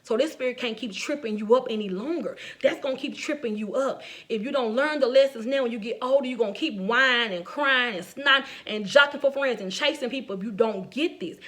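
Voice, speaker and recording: Talking fairly quickly with hardly a pause, this middle-aged woman has a fairly high-pitched voice. In her faith-based talk she shares personal stories in a lively, conversational manner, laughing frequently and speaking directly to the people listening.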